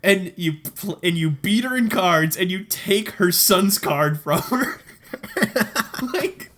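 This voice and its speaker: A man with a somewhat high voice co-hosting a casual podcast. He tells stories excitedly and breaks into laughter often. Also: takes it slowly. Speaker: podcast co-host. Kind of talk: casual chat.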